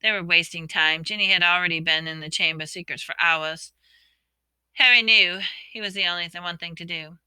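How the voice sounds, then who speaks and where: A woman reading a storybook aloud, expressively voicing the characters' shouts and whispers. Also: lowish voice, normal speed, clear, resonant tone, no echo. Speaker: audiobook reader.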